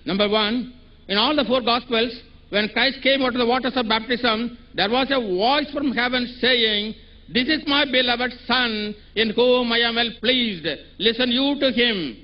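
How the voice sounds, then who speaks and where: A man's voice: extremely high pitch, a little slow. A man asking a question from the audience at a public event, earnestly quoting scripture at length. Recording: dull lo-fi event recording.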